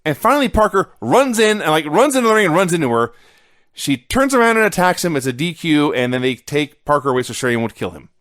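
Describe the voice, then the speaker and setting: A man's voice: fairly high pitch, very animated, fast, fairly bright tone, dry recording. A man co-hosting a podcast, recapping old wrestling matches play by play in casual chat with a dry, matter-of-fact delivery. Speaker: podcast co-host.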